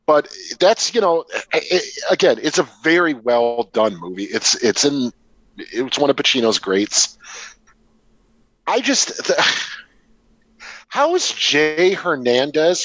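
A young man co-hosting a movie podcast, his pitch bouncing all over as he talks. The sound is close and dry, with no room around it. He chats casually, stumbling and restarting mid-thought. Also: dry recording, rough recording. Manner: lively, restarts often, drawn-out emphasis. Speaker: podcast co-host. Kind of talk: casual film chat.

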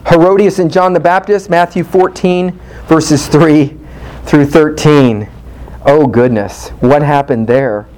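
A man preaching fervently, dropping his voice low to act out quoted speakers. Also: fairly even intonation, slow, a little mellow, low-quality recording. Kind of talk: impassioned preaching.

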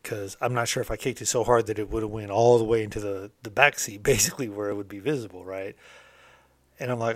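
A middle-aged man from the United States tells a story from his rough past in a loose, candid, streetwise way, cursing as he goes. His voice sits on the low side, and the recording is dry and close. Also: fairly even intonation, moderate pace, dry recording. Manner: candid, streetwise, swears freely. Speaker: motivational host telling his past. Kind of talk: casual storytelling monologue.

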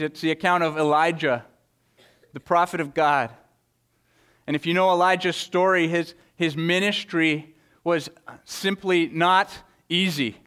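Earnest male preacher, smooth voice. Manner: earnest preaching with frequent word repetitions; reads scripture aloud with dramatic swings in pitch and loudness. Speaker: pastor. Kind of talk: sermon.

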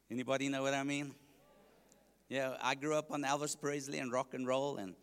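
A man's voice: mid-range voice, flat delivery, a little slow, fairly bright tone, clean tone, in a large hall. A man with a South African accent, an evangelist preaching his testimony to a congregation, joking and asking the listeners questions.

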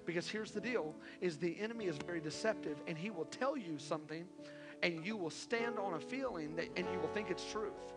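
A male pastor preaching a sermon, repeating his calls and swinging from hushed pleas to loud exhortations. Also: high-pitched, brisk. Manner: impassioned, repetitive exhortations, swings from hushed to shouting. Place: church sanctuary. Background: soft worship music.

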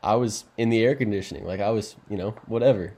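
A man with a lowish, mellow voice tells a personal anecdote quickly and with animation, peppered with like. He co-hosts a casual faith podcast. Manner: fast, animated anecdote telling with "like". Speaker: podcast co-host.

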